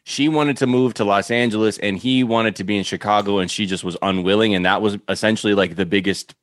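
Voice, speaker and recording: A man co-hosts a podcast in easygoing chat, his voice on the low side with a dry, close sound. He thinks aloud in a laid-back way, dropping wry asides. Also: steady tone, fairly quick, no room sound. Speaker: podcast co-host. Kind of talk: casual chat.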